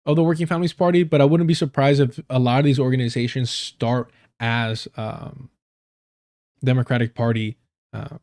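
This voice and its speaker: A man hosting a live stream, telling casual stories in a loose, rambling way, swearing freely and laughing often. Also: medium pitch. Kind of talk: casual storytelling.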